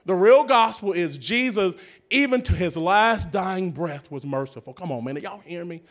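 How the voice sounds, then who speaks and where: High-voiced preacher. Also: male voice, normal speed. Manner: energetic preaching with sudden shouts and hushed drops, calls to the congregation. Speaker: pastor. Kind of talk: sermon.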